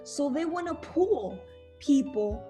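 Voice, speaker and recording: Animated high-voiced woman telling stories. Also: faint music behind. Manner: animated storytelling with quick restarts, acting out quotes. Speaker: podcast guest, singer. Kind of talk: casual chat.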